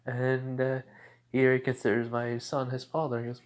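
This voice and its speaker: A man's voice: mid-range voice, flat delivery, moderate pace. A young man casually retelling a fan-made story, rambling with many fillers and restarts.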